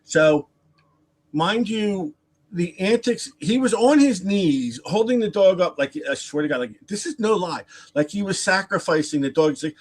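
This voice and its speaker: A man spinning an animated, rambling story in casual talk, his pitch bouncing freely over a slightly high voice. He stumbles and repeats himself and adds chatty asides. He puts on other people's lines in a raised voice. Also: moderate pace. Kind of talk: casual storytelling on a live stream.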